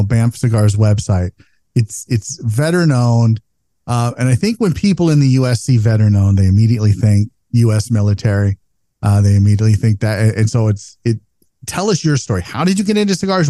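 A man's voice: mid-range voice, warm tone, no room sound. A man co-hosting a podcast, asking questions with stumbling restarts. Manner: stumbling, repeats words. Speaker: podcast co-host. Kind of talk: casual podcast interview.

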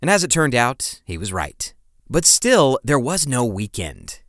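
A man's voice: mid-range voice, wildly swooping pitch, measured pace, fairly bright tone, no room sound, studio quality. A man hosting a podcast, reading scripted history narration in a dramatic, emphatic storytelling manner with playful asides. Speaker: podcast host.

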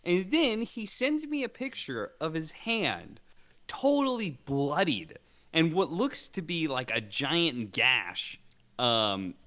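Male podcast co-host, bright tone, lively pitch; wry and expressive, casual swearing. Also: slow. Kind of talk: casual chat.

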